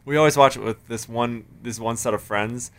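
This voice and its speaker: A man's voice: mid-range voice, fairly even intonation, moderate pace. A man chatting casually as a podcast co-host, laid-back and full of fillers. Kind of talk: casual chat.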